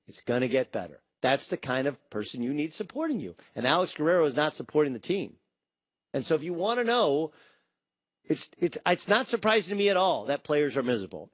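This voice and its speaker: Animated male sports talk host. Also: on the high side, no room sound. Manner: animated, acts out quotes in shifting voices.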